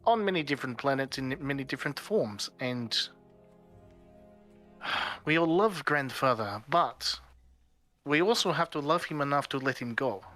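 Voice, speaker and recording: A man voicing an earnest young man who speaks calmly in formal phrasing. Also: mid-range voice, measured pace, pauses often, faint music behind. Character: earnest young man defying his family.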